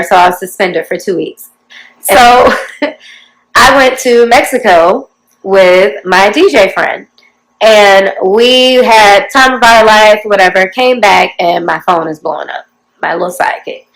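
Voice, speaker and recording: A woman's voice: medium pitch, a bit bright, low-quality recording. A woman in her forties telling her life story to her viewers in a chatty, confiding way, often talking straight to them. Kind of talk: casual storytelling to camera.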